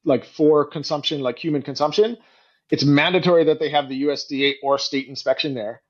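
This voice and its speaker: A middle-aged man telling stories in a casual podcast interview, animated and quick to act out what others said. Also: fairly high pitch, lo-fi sound. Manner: animated storyteller, acts out quoted voices, frequent "like". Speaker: guest, company co-founder and CEO.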